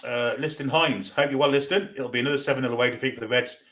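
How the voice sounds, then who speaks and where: A Geordie man hosts a live football watchalong, chatting away as he reads viewers' messages and answers them with easy banter. His voice sits at an ordinary middle pitch. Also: steady tone, quick pace, a bit bright. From North East England. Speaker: fan watchalong host. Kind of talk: live stream chat reading.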